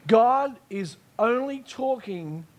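A male preacher with a strikingly high voice delivers his sermon emphatically. He circles back on key lines and keeps checking that the room is following him. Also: lively intonation, takes it slowly. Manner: emphatic, repeats key phrases, checks in with listeners.

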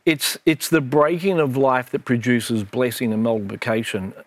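A man's voice: mid-range voice, fairly even intonation, moderate pace. A middle-aged man, a minister, in an earnest and reflective Bible discussion with his daughter, telling stories as he goes.

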